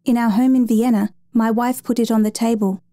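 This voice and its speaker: A woman voicing a gentle, soft-spoken middle-aged male watch repairman in a storybook reading. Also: on the high side, fairly even intonation, a little fast, no echo, close to an everyday voice. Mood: wistful.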